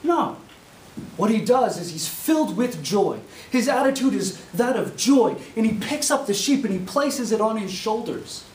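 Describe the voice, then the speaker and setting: A man preaching a sermon as a student, telling a parable with lively storytelling and acted-out voices. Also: sits high, normal speed. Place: university classroom. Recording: echoey classroom, mic far off, faint hiss.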